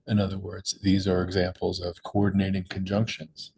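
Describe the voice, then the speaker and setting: A man's voice: low-pitched, completely flat delivery, normal speed, darkish tone, breathy edge, low-quality recording. A young man patiently explaining crossword clues in a tutorial, with small slips and restarts. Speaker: crossword puzzle maker and teacher. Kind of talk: screen-recorded tutorial walkthrough.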